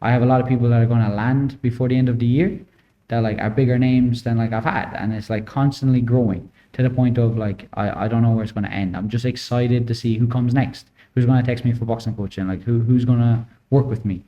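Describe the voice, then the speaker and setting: A man's voice: mid-range voice, fairly even intonation, fast, dull audio. A man in his twenties with an Irish accent, a boxing coach telling stories as a podcast guest, with many filler words. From Ireland. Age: 20s. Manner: storytelling, lots of "like" fillers. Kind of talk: casual interview chat.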